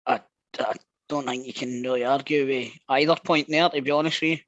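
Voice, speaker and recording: A man's voice: medium pitch, steady tone, a little fast, a bit bright, no room sound, dull audio. A man on a football podcast panel, giving short, matter-of-fact replies. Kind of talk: casual football podcast chat.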